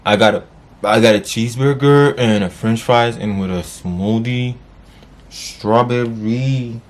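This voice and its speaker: A man vlogging, wrapping up a story time in a casual, cursing way with sudden high yelps. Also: measured pace, slight background noise. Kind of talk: story time, then sign-off.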